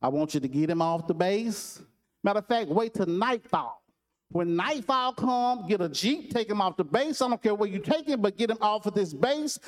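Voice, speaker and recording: A man's voice: sits high, animated, moderate pace, long reverb tail. A man voicing a bossy male Marine drill sergeant who scolds and barks orders at his men. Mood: commanding.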